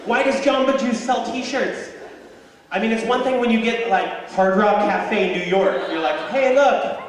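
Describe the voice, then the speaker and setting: A young man doing a stand-up comedy set, telling stories in an animated way and yelling some lines in a high voice. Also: unhurried. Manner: animated storytelling with high yelled voices for characters. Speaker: stand-up comedian and high school tennis coach. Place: high school auditorium with live audience. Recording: echoey hall, distant mic, audience noise.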